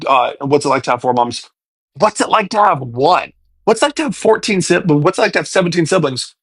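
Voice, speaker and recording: A man's voice: sits high, fairly bright tone, slightly rough, no echo. A man in his twenties answering viewer questions on a casual livestream, chatty and thanking viewers as he reads comments. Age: 20s.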